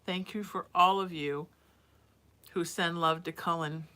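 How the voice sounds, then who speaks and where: A woman's voice: lowish voice, steady tone, unhurried, bright, forceful tone. A middle-aged woman giving casual psychic advice on a live stream, chatty and calling viewers sweetie. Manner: reads viewer messages aloud then answers.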